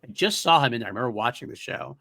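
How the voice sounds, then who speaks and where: A man's voice: mid-range voice, expressive, racing, gravelly, sharp tone, no echo. A man hosting a podcast in casual chat, enthusiastic and rambling, laughing often. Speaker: podcast host.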